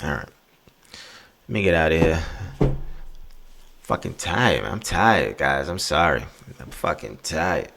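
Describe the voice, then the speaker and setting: A man's voice: rumbling low, unhurried, creaky, long pauses, noisy background. A man hosting his own podcast, ranting casually and profanely. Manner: profane, rambling, animated. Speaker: podcast host. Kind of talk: casual solo rant.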